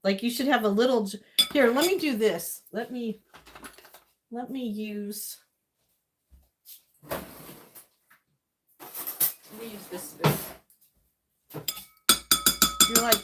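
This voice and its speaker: A woman's voice: fairly high pitch, slow pace, long pauses, heavy background noise. A woman vlogging as she cooks, rambling to herself and her viewers and laughing often. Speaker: cooking vlogger. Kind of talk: casual kitchen chatter to viewers. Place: home kitchen. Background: clinking dishes and cutlery.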